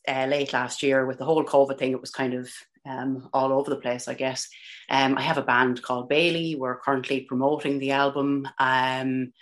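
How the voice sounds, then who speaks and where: An Irish woman from Ireland chatting as a guest in an interview over a remote call, talking freely with plenty of ums and restarts in a self-deprecating way. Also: rumbling low. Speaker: guest, country singer. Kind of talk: casual interview chat.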